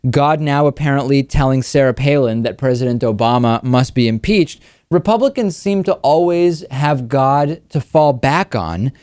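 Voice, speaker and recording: A man hosting a political talk show, giving wry, quick commentary with frequent restarts. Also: mid-range voice, a little mellow, no room sound, studio quality. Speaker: host.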